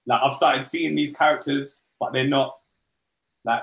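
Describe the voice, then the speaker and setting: A man's voice: mid-range voice, steady tone, normal speed, gravelly, a bit bright, reverberant. A man co-hosting a comic book podcast, rambling casually and acting out dialogue in goofy voices. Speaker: podcast co-host.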